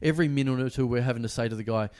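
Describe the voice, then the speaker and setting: A man's voice: mid-range voice, very fast. A man telling a story in casual podcast chat, swearing and acting out the people in it. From Australia. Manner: swearing, animated impressions of people in his story. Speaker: podcast host.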